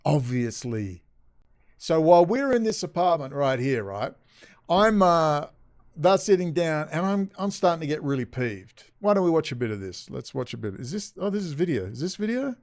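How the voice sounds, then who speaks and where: A man's voice: a little high, very animated, moderate pace, darkish tone. A man from Australia, telling a rambling, profane, agitated story straight to camera. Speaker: vlogger.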